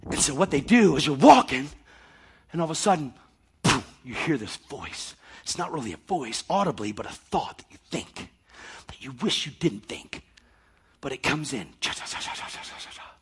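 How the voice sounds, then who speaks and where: A male preacher delivering a fervent sermon, acting out scenes and swinging between shouting and near-whispers. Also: mid-range voice, very animated, moderate pace, breathy edge.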